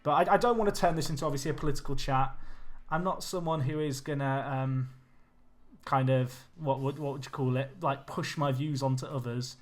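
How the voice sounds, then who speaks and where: A young man chatting with his viewers while he plays, excitable and casual. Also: medium pitch, a little fast. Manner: chatty, excitable, talks to chat. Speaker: streamer. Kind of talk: live game commentary and chat. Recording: faint music behind.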